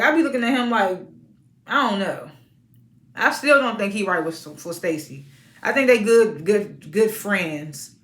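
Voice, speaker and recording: A woman giving a casual, outspoken recap of a reality TV episode, animated and prone to sudden high-pitched exclamations. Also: echoey room. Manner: informal and outspoken.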